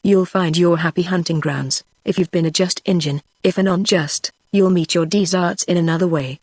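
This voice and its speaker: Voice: medium pitch, fairly even intonation, moderate pace, a little mellow, no room sound, studio quality, lightly acted. A text-to-speech voice reading the lines of a young male frontier hunter who speaks in an earnest, rustic backwoods dialect. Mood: solemn. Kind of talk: synthetic audiobook reading.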